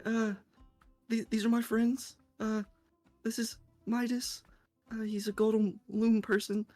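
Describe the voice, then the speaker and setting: A woman playing her character in a tabletop game, blunt and a bit halting. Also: fairly high pitch, little pitch movement, dark tone, no echo, faint music behind. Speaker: player.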